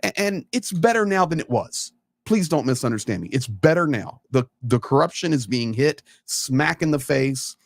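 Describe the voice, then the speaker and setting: A man's voice: medium pitch, expressive, moderate pace, gravelly, no room sound. A man talking in a casual live stream, earnest and emphatic, often repeating words to stress a point. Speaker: live stream guest commentator.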